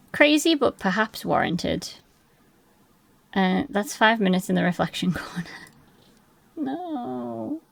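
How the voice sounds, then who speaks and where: Young woman streamer rambling to chat, bit of vocal fry, dry close sound, gets hyped and swears a lot. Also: mid-range voice, no room sound. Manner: excitable, rambling, swears freely. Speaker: live streamer. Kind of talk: casual live-stream chat while gaming.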